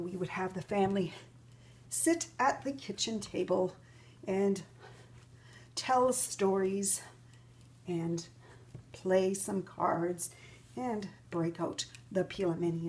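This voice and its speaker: A middle-aged woman talking casually while she demonstrates a recipe in a home kitchen. She rambles and fills pauses with "um". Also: medium pitch, a little mellow. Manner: chatty and rambling, with many fillers. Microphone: camera mic, filmed by her son.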